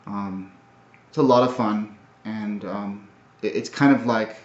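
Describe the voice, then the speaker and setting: A man recapping his language studies in a casual video, talking in a halting, thoughtful way with many fillers and restarts. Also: fairly low pitch. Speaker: language learner. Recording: roomy, dull lo-fi audio.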